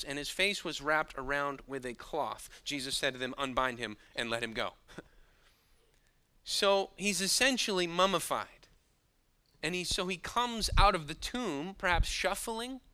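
Bright-voiced preacher swinging loud to hushed. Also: male voice, sits high, clear, resonant tone. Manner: dramatic, shifting between hushed asides and loud bursts; chuckles at his own points. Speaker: pastor. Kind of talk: sermon.

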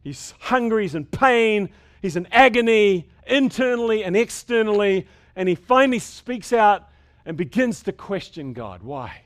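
A man preaching a sermon, building up to loud, emphatic passages and dropping to quiet, measured ones, sometimes repeating words as he restarts. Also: high voice, sing-song. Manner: dynamic preaching, rising and falling sharply in loudness. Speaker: pastor.

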